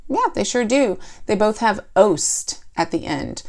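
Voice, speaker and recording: A woman's voice: medium pitch, lively intonation, measured pace, darkish tone. A woman teaching a poetry lesson for children, explaining step by step and asking the class questions.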